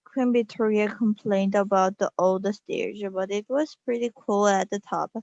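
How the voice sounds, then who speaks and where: A woman whose first language is Korean reads a storybook aloud in a slow, careful way, with small restarts. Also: medium pitch, steady tone, gravelly, a little mellow, dry recording, dull audio. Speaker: reader.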